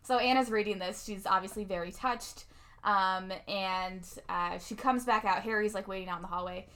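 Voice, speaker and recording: A young woman casually recapping a movie with a friend, chatty and quick to laugh as she acts out lines. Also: medium pitch, fairly bright tone, clean tone. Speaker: podcast co-host.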